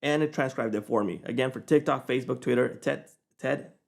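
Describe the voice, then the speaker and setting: A man at a middle pitch talks viewers through a piece of software in a relaxed, conversational way. He explains step by step and keeps checking in with a quick "okay?" as he goes. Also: vocal fry. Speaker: software reviewer. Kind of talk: screen-recorded software tutorial.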